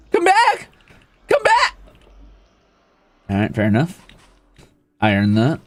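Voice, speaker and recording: Animated young-sounding male game streamer. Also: slow pace. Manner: animated, jumps into high squeals when greeting creatures; playful, swears casually, chats with viewers. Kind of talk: live gameplay commentary.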